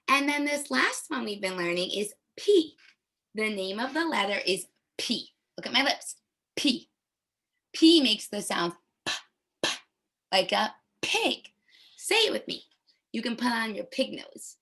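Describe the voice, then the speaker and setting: Slow, bright-voiced woman teaching phonics. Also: fairly high pitch, very animated. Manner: slow, clearly articulated modeling of letter sounds. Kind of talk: phonics lesson for young children.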